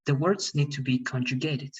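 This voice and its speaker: A man's voice: mid-range voice, normal speed, slightly rough, lo-fi sound. A man teaching an English class online, explaining rules and often checking with "all right?".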